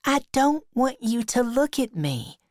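A woman voicing a shy, coy young girl in a storybook reading, with a high, light voice. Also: very animated, a little slow, a little mellow, no room sound, studio quality.

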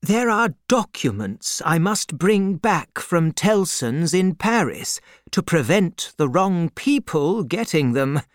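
A man's voice: fairly high pitch, very animated, slow, hardly any pauses, no echo, clean studio sound, pitched above the performer's own voice. A man voicing an elderly English banker of nearly eighty, earnest and concerned.

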